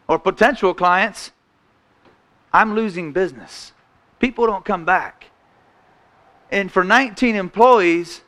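A man preaching a sermon in a church, folksy, restarting phrases and often clearing his throat. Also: high voice, fairly bright tone.

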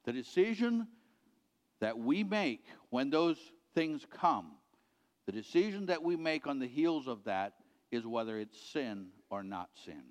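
A middle-aged man preaching a sermon as a pastor, earnestly repeating his points and letting them sink to a quiet finish. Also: medium pitch, very animated, measured pace. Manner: earnest, repetitive exhortation, dropping quiet at ends of points. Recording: reverberant hall.

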